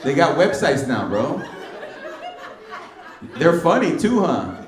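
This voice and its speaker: On a comedy club stage, a middle-aged male comedian does brash, teasing crowd work loaded with slang, his voice fairly high, sing-song, and slow. The recording is roomy and distant, with the audience laughing in the background.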